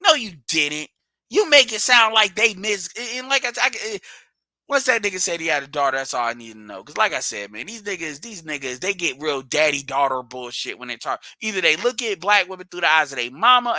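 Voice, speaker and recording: Man ranting bluntly, bright dry voice. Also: on the high side, lively intonation, brisk, no echo. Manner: blunt, profane, repeats his points. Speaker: livestream host. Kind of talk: ranting livestream commentary.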